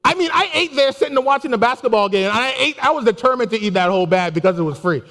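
A man giving a casual, animated sermon with personal stories, laughing and exclaiming often. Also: very high-pitched, quick pace. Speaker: preacher. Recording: long hall reverb.

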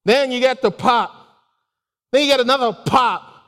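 A man giving a casual, animated sermon with personal stories, laughing and exclaiming often. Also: very high voice, normal speed. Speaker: preacher. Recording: long hall reverb.

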